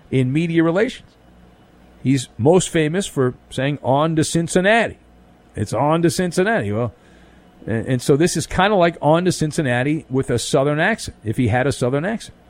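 A man's voice: on the high side, normal speed. A man hosting an overnight sports talk radio show, delivering a punchy, wisecracking monologue full of jokes. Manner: wisecracking, animated, punchy delivery with jokes and pop-culture riffs. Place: radio studio.

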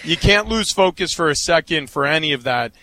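A man's voice: on the high side, lively intonation, a little fast, sharp tone, slight background noise. A man in casual sports talk, speaking emphatically and admiringly.

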